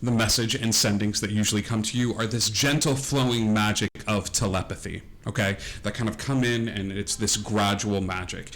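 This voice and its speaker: Male game master with a low voice, narrating a tabletop campaign in a loose, filler-heavy way. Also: fairly even intonation, normal speed, few pauses, a bit bright.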